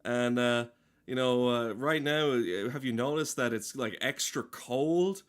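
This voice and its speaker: A man's voice: medium pitch, measured pace, clean tone. A man giving a meandering comedic monologue, swearing often, full of "uh" and "you know", acting out both sides of imagined conversations. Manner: meandering, profane, full of fillers and asides. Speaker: rambling monologue host.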